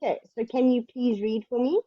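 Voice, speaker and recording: A woman teaching English one-on-one, explaining slowly and patiently. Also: fairly high pitch, dry recording, lo-fi sound. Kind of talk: one-on-one online English lesson.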